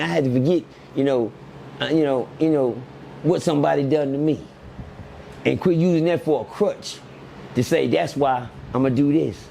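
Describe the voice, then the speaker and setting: A middle-aged man, telling animated stories as an interview guest, laughing often and asking "you hear me". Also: on the high side, creaky, a little hiss or hum.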